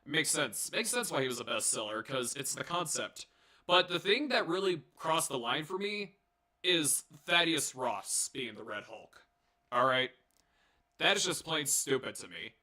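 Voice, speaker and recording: A young man talks through a movie review in a loose, rambling way, cursing and cracking jokes between fillers and false starts. His voice sits a little high with a very bright edge. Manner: rambling, profane, jokey, many fillers and restarts. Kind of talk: casual solo review.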